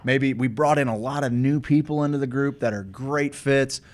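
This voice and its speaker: A man's voice: medium pitch, normal speed. A man hosting a casual talk show, reading sponsor spots and leading into a break with loose, filler-filled chat. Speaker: host.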